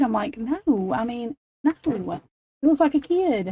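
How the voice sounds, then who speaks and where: A woman's voice: high voice, lively intonation, slow, mellow, breathy edge, poor audio. A woman in her forties chatting casually on a late-night stream, telling rambling, profane stories and laughing often. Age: 40s. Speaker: livestream host.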